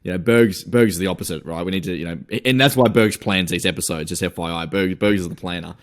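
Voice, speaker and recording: A deep-voiced man, co-hosting a casual podcast. He rambles easily and drops in plenty of fillers as he talks. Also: quick pace. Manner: laid-back, rambling, many fillers. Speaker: podcast co-host.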